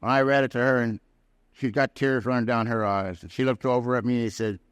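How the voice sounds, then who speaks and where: A man's voice: mid-range voice, steady tone, brisk, smooth, dry recording. A man speaking at a recovery convention, telling his own story in a folksy, plain-spoken way with down-home grammar. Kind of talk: personal recovery story told to a live audience. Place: prison hall.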